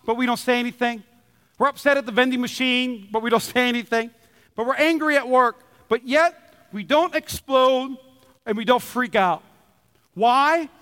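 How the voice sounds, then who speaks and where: A man with a very high-pitched voice preaches a sermon as pastor, animated and lively. He slips into other people's voices when he quotes them. His voice rings with the long reverb of a big church hall. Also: clear, resonant tone. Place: church auditorium.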